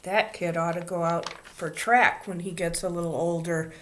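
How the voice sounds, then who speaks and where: A grown workman tossing off a casual remark in a lowish voice, read by a woman in her own steady storybook tone. Nothing much is put on. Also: moderate pace, a little hiss or hum, close to an everyday voice. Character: grown man, a street workman.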